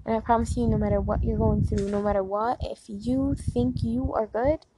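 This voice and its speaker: A woman's voice: fairly high pitch, fairly even intonation, moderate pace, background noise. A young woman chatting casually and leading affirmations, rambling and filling her talk with "like" and "um". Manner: rambling, heavy use of "like" and fillers. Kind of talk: casual chat and guided affirmations.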